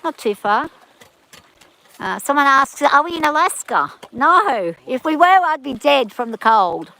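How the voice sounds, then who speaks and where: A chatty woman with a broad rural Australian accent reads viewer comments on a live stream and answers each one. Her voice sits a little higher than most. She talks in an easy, offhand way. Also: big pitch swings, unhurried, vocal fry, bright, forceful tone, rough recording. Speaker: livestream host reading chat. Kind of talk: casual live-stream chat.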